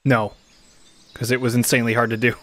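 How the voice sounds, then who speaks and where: A man's voice: medium pitch, flat delivery, fairly quick, fairly bright tone. A young man hosting a casual co-op game stream, laughing often and explaining the controls to his partner. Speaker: streamer and host. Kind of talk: casual co-op gaming chat.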